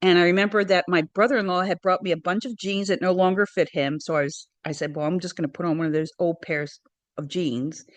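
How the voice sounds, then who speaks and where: A middle-aged woman telling a personal story in an interview, earnest and hesitant, with frequent pauses and restarts. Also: fairly low pitch, steady tone, no room sound. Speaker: interview guest.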